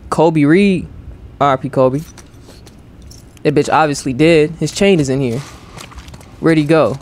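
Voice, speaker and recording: A man's voice: fairly high pitch, darkish tone. A young man doing let's play commentary as a gaming streamer, joking in profane banter with his viewers.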